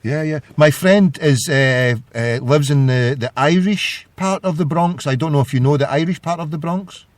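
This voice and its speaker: A Scottish man hosts a casual call-in show, joking and rambling through his questions. His voice sits slightly high and sounds dry and close, with a lot of restarts. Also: normal speed, few pauses, dry recording. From Scotland. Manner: rambling, jokey, stumbling restarts. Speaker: radio show host. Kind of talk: casual call-in radio chat.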